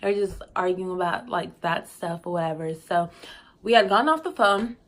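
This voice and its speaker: A young woman telling a casual storytime, chatty and expressive with slangy asides and frequent laughs. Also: lowish voice, moderate pace. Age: young adult. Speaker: vlogger.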